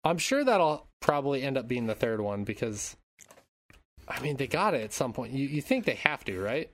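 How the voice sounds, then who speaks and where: A man co-hosting a podcast, laid-back and swearing freely in casual chat. His pitch moves up and down a lot as he talks. His voice sits in a middle range. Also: sing-song, normal speed. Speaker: podcast co-host.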